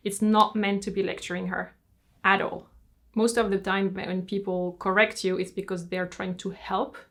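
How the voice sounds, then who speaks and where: A woman with a French accent talks through a review in English. Her voice sits at a middling pitch, and she explains her points in a measured, frank way, like a host speaking to her regular viewers. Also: flat delivery, a bit bright. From France. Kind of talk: opinionated review commentary.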